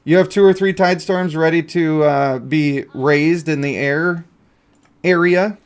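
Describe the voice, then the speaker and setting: A man's voice: a little high, measured pace, clear, resonant tone. A man giving casual, joking commentary as he plays a mobile game, talking to himself and his viewers. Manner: playful, jokey, talks to himself and viewers. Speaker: gaming YouTuber.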